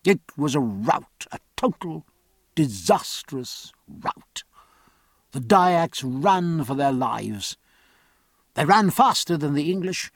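A man narrating an audiobook in a measured, dramatic reading. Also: on the high side, creaky, husky, dry recording, studio quality.

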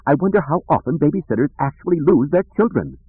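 A man's voice: on the high side, animated, quick pace, breathy edge, no room sound, pitched above the performer's own voice. A man voicing a fussy, anxious male protocol droid who wails his complaints, on a tinny dry recording. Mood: fretful. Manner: prim and anxious, wailing complaints.

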